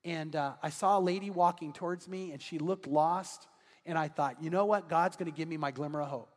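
Male pastor, high voice, animated storyteller, long church reverb. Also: a little fast. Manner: animated, acts out dialogue in his story. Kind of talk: sermon storytelling. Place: large church sanctuary.

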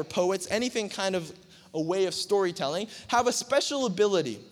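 Animated young male preacher in a hall. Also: high voice. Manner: animated, joking, acts out movie scenes with shouts. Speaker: youth pastor. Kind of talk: lively youth sermon. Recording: voice in a large reverberant hall.

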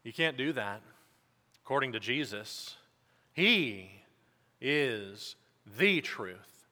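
A male pastor giving church announcements and then a sermon, halting with fillers at first and then preaching emphatically. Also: mid-range voice, animated, bright, forceful tone. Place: church sanctuary. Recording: long church reverb.

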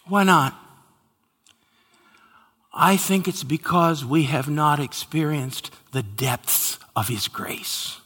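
Guy preaching a sermon, goes from loud to whispery, husky voice, long hall echo. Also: on the high side, slow pace, long pauses. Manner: dramatic, swinging from loud exclamations to hushed whispers. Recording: hall reverb.

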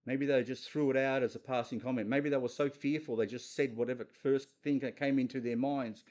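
A man's voice: mid-range voice, fairly even intonation, fairly quick, a little mellow. Guy giving a chatty sermon, earnest, keeps asking the crowd stuff. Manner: earnest, talks straight to listeners with questions. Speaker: preacher. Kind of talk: conversational sermon on a Bible passage.

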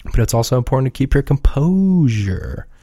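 A man's voice: medium pitch, very animated, moderate pace, dark tone, no echo, clean studio sound. A man chatting casually on a podcast he is a regular of, rambling and swearing freely in a laid-back way.

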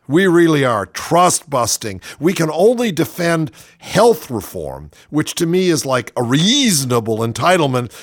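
A man's voice: mid-range voice, no echo, studio quality. A man co-hosting talk radio, reading news items aloud and adding sarcastic quips. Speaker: radio co-host.

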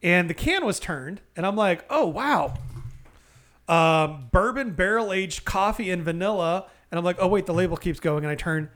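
A man co-hosting a casual beer podcast, telling a story with animated, profane exaggeration. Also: sits high, normal speed. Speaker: podcast co-host. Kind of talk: casual beer-review banter.

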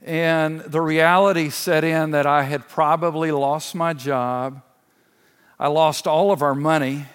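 A church elder in his sixties shares a personal testimony from the pulpit, earnest and unhurried. His voice sits a bit high for a man and moves at a slow, deliberate pace. The sound carries a long reverb from a large auditorium. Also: steady tone, a bit bright, clear, resonant tone. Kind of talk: sermon.

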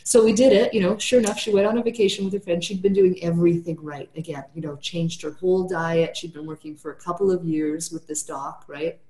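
A woman therapist with a slightly low voice chats loosely about a client, ending almost every sentence with "right?" and filling gaps with "you know". The sound is roomy and echoey. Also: steady tone, brisk, few pauses, dark tone. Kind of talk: casual podcast conversation.

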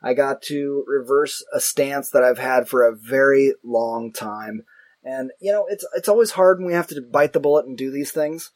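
A man chatting casually about movies as a podcast co-host, rambling and self-mocking with animated asides. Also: medium pitch, moderate pace, dry recording.

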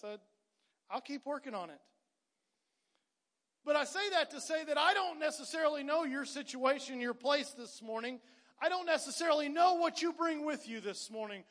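A man preaching a sermon in a church, with an impassioned, repetitive cadence that often rises to shouting. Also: extremely high pitch. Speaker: pastor. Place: church sanctuary. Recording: long hall reverb with music behind. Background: worship band playing.

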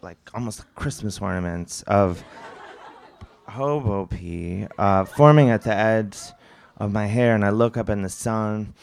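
A man telling a comic story on stage, rambling and animated, with lots of fillers and asides. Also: on the low side, unhurried, vocal fry, slight background noise. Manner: rambling, animated, self-mocking with many fillers. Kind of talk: stand-up storytelling.

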